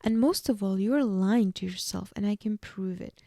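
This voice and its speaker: Brooding heartbroken male vampire, read plainly by a woman, mellow and gravelly. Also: medium pitch, normal speed, no echo, studio quality, natural voice.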